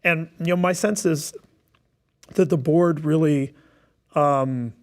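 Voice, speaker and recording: A man with a slightly high voice speaks slowly on an online webinar as a member of a task force. He explains things thoughtfully, with lots of fillers and restarts.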